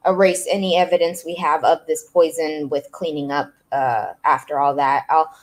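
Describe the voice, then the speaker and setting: A woman's voice: sits low, fairly even intonation, moderate pace. A woman playing a tabletop game, asking careful, polite questions and speaking as her character. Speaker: player. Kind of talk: tabletop role-play.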